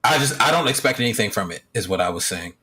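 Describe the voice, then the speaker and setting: A man's voice: lowish voice, animated, fast, a crowd in the background. A man co-hosting a casual livestream chat, loose and agreeable, chuckling often. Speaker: podcast co-host.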